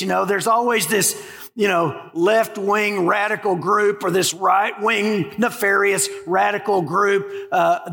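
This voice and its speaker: A pastor preaching a sermon in a church, animated and full of rhetorical questions. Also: male voice, sits high. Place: church sanctuary. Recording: long hall reverb.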